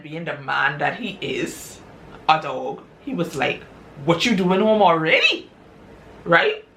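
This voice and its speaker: A woman casually retelling a story she wrote, chatty and drawn-out, often calling her listeners y'all. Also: low voice, gravelly, fairly bright tone, slight background noise. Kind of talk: casual spoken story recap.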